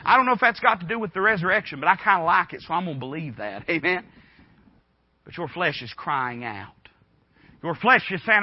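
A man's voice: sits high, expressive, fairly quick, slightly rough, no room sound. A man preaching a sermon in a folksy, conversational way, full of rhetorical questions. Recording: dull dry recording.

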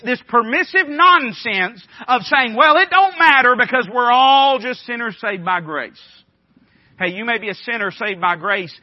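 A man's voice: high voice, no room sound. A man preaching a sermon, his delivery swelling and dropping in emphatic waves. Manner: emphatic preaching with rising and falling intensity. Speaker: pastor. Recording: dull dry sound.

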